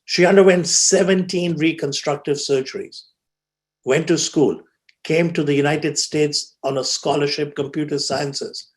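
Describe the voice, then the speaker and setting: A man giving a keynote talk at a symposium, telling a story with dramatic pauses and acting out the people he quotes. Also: fairly high pitch, fairly even intonation. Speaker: symposium speaker. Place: conference hall.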